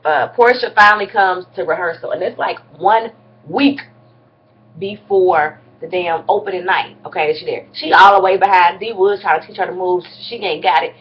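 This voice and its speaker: A woman's voice: fairly low pitch, moderate pace, muffled recording. A woman vlogger giving a casual, blunt and slangy recap of a reality TV episode, with some mild cursing.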